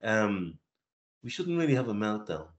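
A man's voice: lowish voice, sing-song, moderate pace, highs cut off. A man with a London Cockney accent, co-hosting a podcast with dry, joking remarks. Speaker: podcast co-host. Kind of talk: casual chat. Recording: roomy echo.

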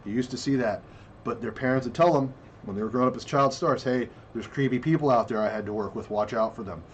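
A man's voice: mid-range voice, highs cut off, slight background noise. A man co-hosting a casual podcast discussion, talking in a blunt, crude and rambling way. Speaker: podcast co-host.

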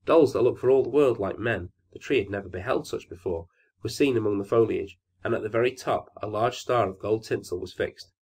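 Husky man reading a bedtime story. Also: on the low side. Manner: measured and gently expressive.

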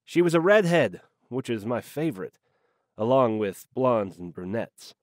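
Guy reading a noir audiobook, wry slangy deadpan, lively pitch, dry close mic. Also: measured pace, no echo. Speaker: audiobook narrator. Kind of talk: hard-boiled noir narration.

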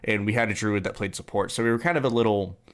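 Talking fast in a voice on the low side, a young man hosting a podcast chats casually. He rambles through a story about his tabletop game character, full of filler words.

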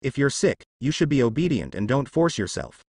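A man's voice: mid-range voice, big pitch swings, normal speed, a little mellow, breathy edge, no room sound, studio quality. A man voicing a coaxing, sly older sister in a storybook. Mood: falsely gentle.

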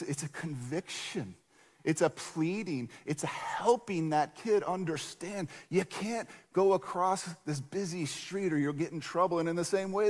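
Animated man preaching in a reverberant church. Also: a little high. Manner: conversational, animated storytelling with acted quotes. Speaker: pastor. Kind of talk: sermon. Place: church sanctuary.

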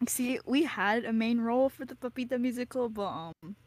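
Woman friend, giggly and teasing, slightly high and very lively, dry close mic. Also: brisk, dry recording. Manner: giggly, teasing, lots of exclamations. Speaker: friend on stream. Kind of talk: casual chat. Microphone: own microphone.

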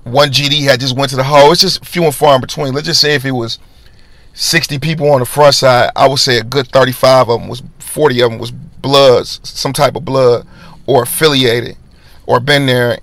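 Speaking a little fast with vocal fry, this medium-pitched podcast host tells a personal story in slangy, animated fashion. He voices the characters himself, and the recording is dry.

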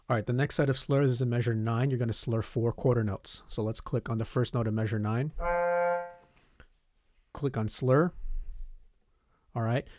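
A man's voice: medium pitch, darkish tone, no echo. A man talks students through a music notation program one step at a time, in a dry, close voice-over with no room sound. He is a band teacher and keeps checking in with "okay" and "all right" between steps. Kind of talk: screen-recorded software tutorial.

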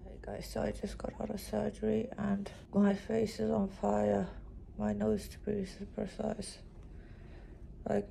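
A woman vlogging to her phone camera in a hospital room, talking expressively and often dropping to a hushed whisper. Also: medium pitch, gravelly, a little hiss or hum, poor audio. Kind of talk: casual vlog talk to camera. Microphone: phone camera propped nearby.

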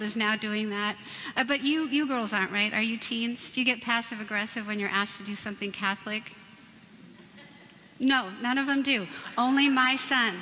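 A woman's voice: fairly high pitch, pushed and bright. A woman in her forties giving a Catholic talk in a church, telling stories and jokes with playful asides to the audience. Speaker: Catholic speaker. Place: church hall. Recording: reverberant church with faint background noise.

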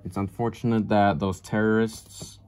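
A man casually chatting through an unboxing of his collectible model cars, rambling and cursing, with his voice jumping up in excited outbursts. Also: moderate pace, clear, resonant tone. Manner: rambling, profane, jumpy pitch with excited outbursts.

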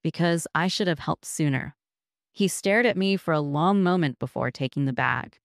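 Woman narrator, low voice, measured and reflective first-person storytelling, dry close sound. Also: gravelly, no room sound.

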